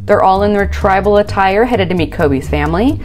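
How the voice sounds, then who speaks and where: A woman's voice: mid-range voice, animated, a little fast, darkish tone, soft background music. A woman hosting a reaction channel, recapping a reality show with sarcastic, exasperated commentary.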